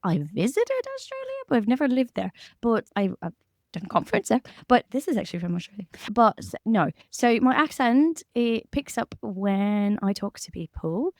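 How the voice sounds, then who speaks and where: A woman's voice: fairly high pitch, big pitch swings, normal speed, dry recording, clean studio sound. A woman with a mixed Irish and British accent, a security manager chatting candidly as a podcast guest. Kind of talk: casual interview chat.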